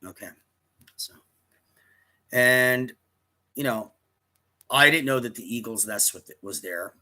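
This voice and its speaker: A medium-pitched man in his fifties speaks at a slow pace, his voice pushed and bright, as he casually relates a personal story to camera. He drifts and keeps restarting sentences, correcting himself along the way.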